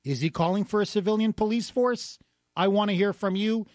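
A man's voice: high-pitched, a little fast, a little mellow, dry recording. A man hosting a political radio talk show, combative, sarcastic and openly scornful. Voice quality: sarcastic, scornful, mock gasps.

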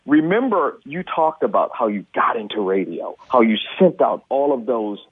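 A man's voice: mid-range voice, expressive, moderate pace, breathy edge, no echo. Pleading male caller on a phone line. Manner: earnest, pleading, stumbles over words. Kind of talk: call-in radio plea. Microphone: telephone.

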